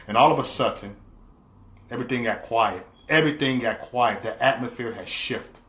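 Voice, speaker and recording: A man vlogging in an animated storytelling monologue, swinging from low asides to loud cries. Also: normal speed. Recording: roomy echo.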